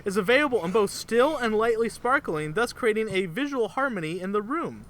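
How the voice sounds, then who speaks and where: A man's voice: high-pitched, fairly quick. A man co-hosting a casual comedy podcast, telling stories with lots of laughter and acted-out quotes. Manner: animated storytelling, acting out quotes, laughing often. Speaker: podcast co-host.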